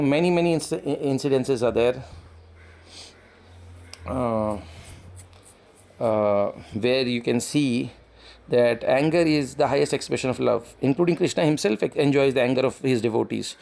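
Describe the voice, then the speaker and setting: Guy with a gravelly voice giving a spiritual talk, lots of ums and restarts. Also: mid-range voice, a little mellow. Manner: halting, with many restarts and fillers. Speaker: spiritual teacher. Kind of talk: devotional lecture.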